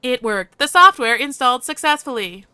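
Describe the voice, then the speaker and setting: A woman's voice: sits high, lively intonation, moderate pace, bright, forceful tone, clean tone, dry recording, voice pushed up, full character voice. A woman voicing a sprightly, smug AI companion with a cheerful, self-satisfied manner. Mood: chirpy. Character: sprightly smug AI living in a man's head.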